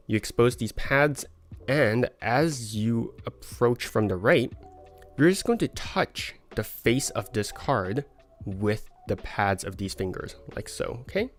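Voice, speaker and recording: Man, fairly low voice, self-deprecating livestream card tutorial, faint music behind. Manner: self-deprecating, stumbling, laughs at his mistakes. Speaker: card magic teacher.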